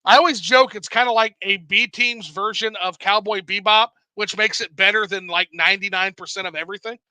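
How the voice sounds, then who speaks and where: Bright high-voiced man hosting a livestream. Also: brisk, smooth, no echo, rough recording. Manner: animated, swears freely, laughs often. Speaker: livestream host reading chat. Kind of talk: casual livestream chat.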